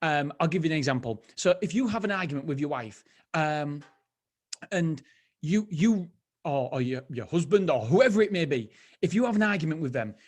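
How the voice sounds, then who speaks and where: A man's voice: a little high, expressive, normal speed. A man hosting a motivational podcast, talking casually and rambling through a personal story, often restarting his sentences. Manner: chatty, rambling, self-interrupting storyteller. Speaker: podcast host. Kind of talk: motivational solo podcast talk.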